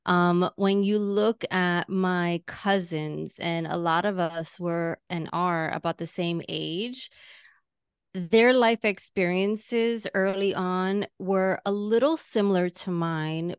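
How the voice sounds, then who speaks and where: A woman in her forties from Queens, New York, with a mild Latina-tinged New York accent, speaking as an animated, effusive podcast guest. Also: fairly low pitch, clear, resonant tone, no echo, clean studio sound. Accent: New York with a slight Latina tinge. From Astoria, Queens, New York. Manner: animated, effusive, quick to laugh. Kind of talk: casual interview conversation.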